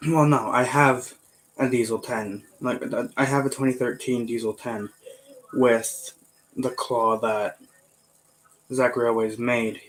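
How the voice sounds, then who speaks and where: Male speaker, slow and rambling, casual talk full of fillers. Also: mid-range voice, steady tone, rough recording. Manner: rambling, halting, many fillers and self-corrections. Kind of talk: casual chat.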